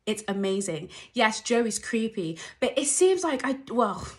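A young woman gushing through a trailer reaction, talking animatedly and breaking into squeals and shouts. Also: a little high, very animated, a little slow. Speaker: YouTube reaction vlogger. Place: at home at night.

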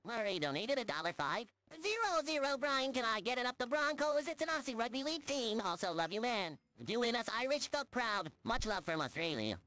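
A text-to-speech woman's voice reading out donation messages on a stream in a flat synthetic tone. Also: a little high, fairly quick, hardly any pauses, no echo.

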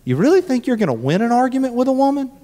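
A man's voice: extremely high pitch, sing-song, racing, dark tone. A man preaching a sermon as a pastor, in a conversational, joking way, often repeating words as he restarts, in a church. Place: church sanctuary. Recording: echoey church hall.

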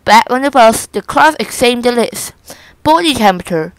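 A woman reading a children's picture book aloud in a slow, careful manner. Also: a little high, clear, resonant tone, no room sound, rough recording. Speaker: storybook reader.

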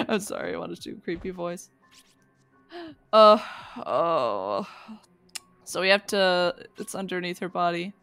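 A woman's voice: on the low side, a little slow, vocal fry, long pauses, fairly bright tone, clean tone, soft background music. A woman streaming a game live, chatting and reacting aloud as she plays.

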